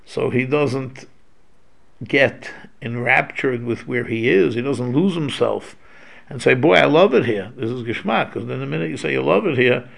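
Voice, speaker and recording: Gravelly-voiced man teaching a class. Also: medium pitch, normal speed, a bit bright. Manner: conversational, with frequent restarts and Hebrew-Yiddish terms. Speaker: Torah teacher. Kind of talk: informal religious lecture.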